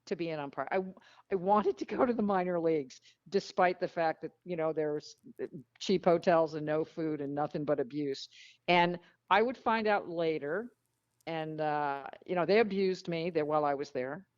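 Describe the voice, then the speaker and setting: A woman guest telling frank, lively stories in a casual interview. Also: fairly low pitch, moderate pace, no echo. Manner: animated, frank storyteller who acts out quotes. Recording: dull lo-fi dry sound.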